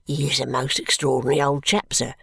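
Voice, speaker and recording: A reader voicing a scheming, sentimental young male law clerk who talks in a confiding, often hushed and whispery way. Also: mid-range voice, flat delivery, brisk, vocal fry, husky, dry recording, clean studio sound, heavily acted.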